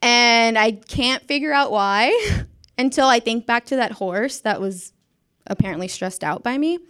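A young woman tells a story in a casual, chatty way, poking fun at herself and acting out the voices of the people in it. Her voice sits a little high, and it sounds smooth and clear. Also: measured pace, fairly bright tone. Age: young adult. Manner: chatty, self-mocking, acts out quotes, laughs often. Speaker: former schoolteacher.

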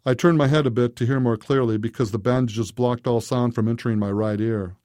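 A man narrating a first-person story in a steady, unhurried way. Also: medium pitch, dry recording, clean studio sound.

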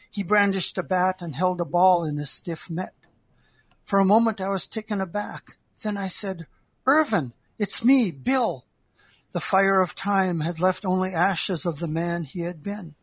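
An older man, an author, reading his memoir aloud in a measured, heartfelt way. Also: sits high, no room sound.

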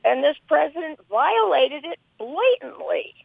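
A woman's voice: high-pitched, big pitch swings, a little slow, gravelly, dry recording. An older woman calling in to a radio talk show, emotional and pleading as she speaks. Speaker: caller. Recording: phone line, lo-fi.

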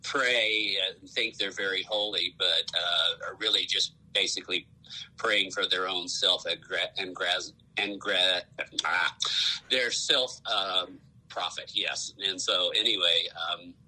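Man, very low voice, husky, bright edge, slow halting guest. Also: steady tone, rough recording. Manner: slow, halting, searching for words. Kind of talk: casual chat.

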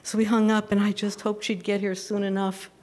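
A woman's voice: medium pitch, brisk. Woman telling a personal story, laughing. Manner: animated, breaks into laughter.

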